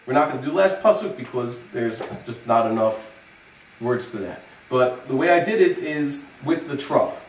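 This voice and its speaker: A rabbi explaining the cantillation of verses in a relaxed lesson, pausing to chant phrases as examples. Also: male voice, mid-range voice, recorded from a distance, a little hiss or hum. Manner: explains slowly, then chants phrases to demonstrate. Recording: echoey room, voice from off-mic.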